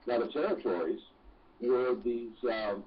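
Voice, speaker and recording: A man who is a guest on a talk radio show, explaining slowly and deliberately with pauses. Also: medium pitch, lively intonation, slight background noise. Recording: distant, dull phone-in sound.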